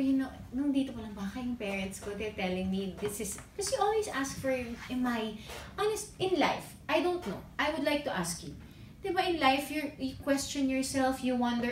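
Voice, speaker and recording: A Filipina actress telling a personal story in a casual, animated way, switching between English and Tagalog. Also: fairly high pitch, slight background noise. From Philippines. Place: press event room. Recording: echoey room, voice from a distance.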